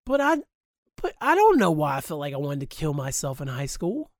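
A man's voice: on the high side, huge pitch swings, brisk, dry recording, clean studio sound. A man hosting a podcast, talking candidly and emphatically in a personal monologue, swearing freely. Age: adult, grew up past high school. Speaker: podcast host.

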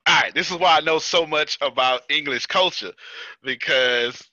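An American man running a team meeting in a loose, joking way, laughing as he tells work stories. His voice is very bright and sharp. The sound is dry and a little muffled. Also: on the high side, normal speed, no room sound. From United States. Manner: joking, storytelling, laughs often. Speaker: meeting host. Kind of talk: casual team meeting talk.

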